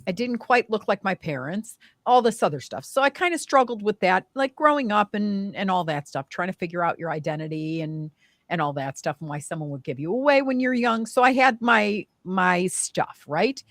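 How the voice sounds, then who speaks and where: A woman's voice: medium pitch, normal speed, no echo, studio quality. Emotional woman telling a personal story. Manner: emotional, animated, many fillers like "like" and "right?". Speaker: guest.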